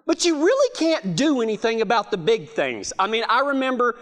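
High, lively man telling stories. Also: brisk. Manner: laughing, animated storyteller with restarts. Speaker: speaker. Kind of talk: humorous storytelling talk.

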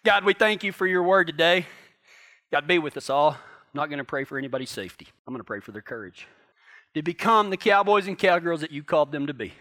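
A man with a notably high, bright voice preaches a homespun sermon to a ranching congregation. He talks like a cowboy pastor, with a folksy drawl and plain ranch talk. His delivery swings from quiet, earnest asides to loud, animated bursts. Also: fast.

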